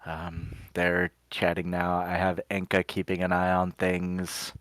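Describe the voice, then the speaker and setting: This player voices his character Gadri in a tabletop game, describing the character's actions before delivering the lines. His voice is low-pitched, monotone and a bit bright, and he takes his time, prefacing each line with "he goes." There's no room sound.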